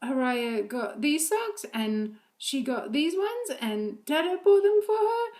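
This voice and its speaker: A woman's voice: high-pitched, big pitch swings, slow pace, darkish tone, voice pushed up, heavily acted. A woman imitating her toddler daughter chattering in a singsong rant, every phrase on the same lilting tune.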